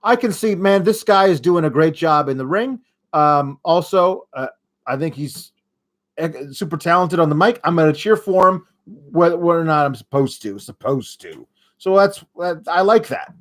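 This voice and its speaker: A man's voice: fairly high pitch, expressive, normal speed, fairly bright tone. A young man hosting a podcast, giving a casual, sarcastic wrestling recap and mocking the wrestlers as he goes. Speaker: podcast host.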